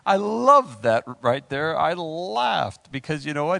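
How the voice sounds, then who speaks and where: A man preaches through a Bible passage with lively, joking asides to his listeners. His voice sits a little high and swings widely in pitch. The sound is close and dry. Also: a little slow, creaky, hardly any pauses, no room sound. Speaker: preacher leading a Bible study. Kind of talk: sermon with scripture reading.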